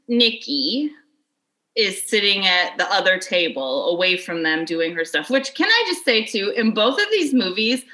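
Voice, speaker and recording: A woman in her thirties talking things over on a podcast at an unhurried, drawn-out pace. Her voice is bright and forward. She is blunt, chatty and swears freely. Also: medium pitch, poor audio. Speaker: podcast co-host. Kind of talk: casual chat.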